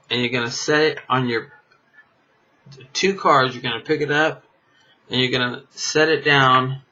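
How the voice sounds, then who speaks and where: A man's voice: medium pitch, sharp tone. A man teaching a card trick in a casual, rambling way, full of fillers and chuckling at himself. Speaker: magic teacher. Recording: dull lo-fi camera audio.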